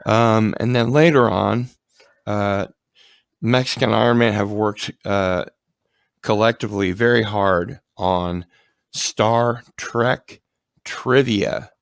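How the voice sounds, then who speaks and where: A man's voice: fairly low pitch, slow pace, vocal fry, no room sound. A man hosting a casual livestream chat, rambling with ums and restarts. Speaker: livestream host.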